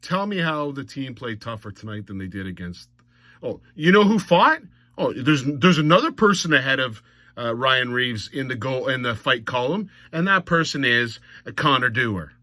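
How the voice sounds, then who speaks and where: A man's voice: mid-range voice, animated, normal speed, pushed and bright, no room sound. A man recapping a hockey game in a blunt, mocking monologue that rises to exasperated outbursts. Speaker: hockey commentator.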